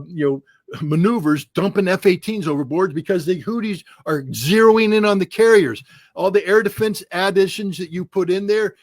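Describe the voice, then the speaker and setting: Angry ranting man, sharp and dry. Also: fairly high pitch, dry recording. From United States. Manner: angry, forceful, ranting, cutting sarcasm. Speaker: guest commentator. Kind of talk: heated political commentary.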